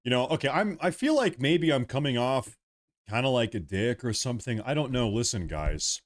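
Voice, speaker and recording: A man's voice: medium pitch, animated, moderate pace, no room sound, studio quality. A man hosting a livestream, ranting bluntly and repetitively, worn out and exasperated. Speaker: livestream host. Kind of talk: ranting live commentary.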